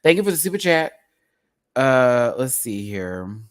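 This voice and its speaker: Sassy, animated man ranting on a livestream. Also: unhurried. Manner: animated, sassy, talks straight to chat with big pitch jumps. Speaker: live stream host. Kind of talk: casual livestream rant.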